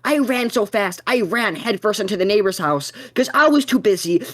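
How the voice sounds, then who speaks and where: A young man hosting a podcast, telling a story in a profane, excitable way. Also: high voice, moderate pace. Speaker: podcast host.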